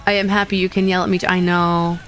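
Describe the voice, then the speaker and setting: A woman's voice: on the low side, little pitch movement, fast, a bit bright, faint music behind. A woman streamer casually chatting with her viewers in a playful, rambling way, often laughing and repeating herself. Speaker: VTuber streamer.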